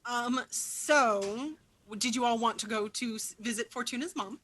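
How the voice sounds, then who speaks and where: Brief: bright-voiced woman game master, easygoing, lots of "um"s. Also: a little high, unhurried, rough recording. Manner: laughs often, hesitant fillers. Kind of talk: narrating a tabletop game.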